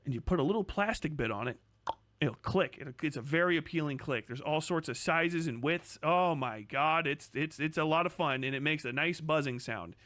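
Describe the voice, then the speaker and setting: A man's voice: fairly high pitch, normal speed, a bit bright, dry recording. A man streaming casual commentary, crude and sarcastic, rambling and swearing often.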